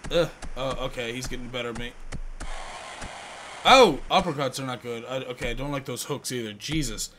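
A man hosting a video game let's-play, with excitable, crude joking commentary. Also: medium pitch, brisk. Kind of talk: gameplay commentary. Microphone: headphones on, home setup.

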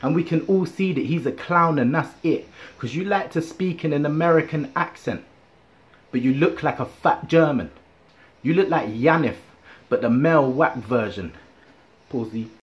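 A man with a slightly husky, somewhat high voice performing a battle rap verse. He mocks and trash-talks his rival bluntly. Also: moderate pace. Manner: mocking trash talk. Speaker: battle rapper.

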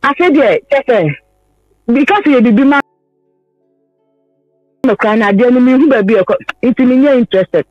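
A woman's voice: fairly high pitch, lively intonation, moderate pace, long pauses, dry recording, highs cut off, soft background music. A woman from Ghana, a caller, earnestly recounting her personal story on a radio phone-in, pleading and repeating herself.

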